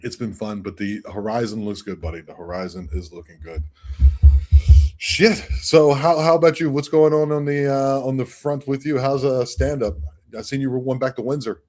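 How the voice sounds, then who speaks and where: A man's voice: medium pitch, fairly even intonation, moderate pace, darkish tone. A man co-hosting a podcast in casual, profane chat, often breaking into cackling laughter. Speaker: podcast co-host.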